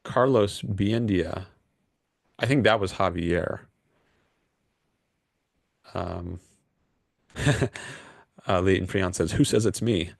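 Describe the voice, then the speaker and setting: A man's voice: deep voice, takes it slowly, vocal fry, pauses often, no echo, clean studio sound. A man hosting a call-in livestream, rambling and hesitant with lots of fillers. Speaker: livestream host taking calls. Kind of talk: casual livestream chat.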